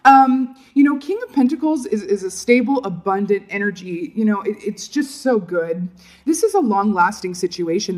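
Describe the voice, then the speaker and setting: A woman giving a casual tarot reading, chatty and laughing often, checking in with her listeners with "right?" and "you know". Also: medium pitch. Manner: laughs often while talking. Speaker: tarot reader.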